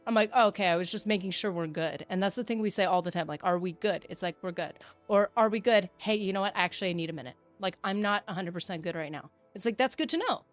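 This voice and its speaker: A woman's voice: on the low side, fast, hardly any pauses, soft background music. A woman streaming a game, chatting with her viewers in a reflective, talkative way. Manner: chatty and reflective, reads chat aloud. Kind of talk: casual livestream chat.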